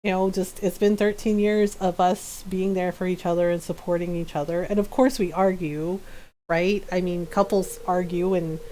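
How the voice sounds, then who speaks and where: A woman's voice: fairly low pitch, little pitch movement, moderate pace, warm tone, slight background noise, poor audio. A middle-aged woman streaming a game, chatting and telling stories with frequent laughs. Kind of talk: casual chat while streaming a game.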